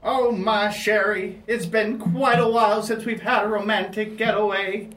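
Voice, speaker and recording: A man's voice: high voice, fairly even intonation, moderate pace, fairly bright tone, pitched above the performer's own voice. A doting 85-year-old husband voiced by a man in an improv scene, speaking in a raised, fond, old-fashioned drawl. The sound is roomy and a little distant from the mic. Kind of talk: improvised comedy role-play.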